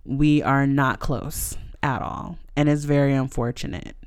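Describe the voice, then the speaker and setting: Young woman podcaster, frank, emotional storyteller, smooth voice, dry close sound. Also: rumbling low, measured pace, no echo. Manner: emotional, frank, swears casually, many fillers. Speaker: podcast host. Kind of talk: candid personal storytelling.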